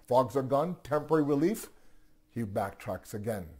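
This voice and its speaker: A man telling a religious story in a sermon, animated, asking rhetorical questions and often restarting his sentences. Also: mid-range voice, normal speed, breathy edge. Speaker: religious teacher.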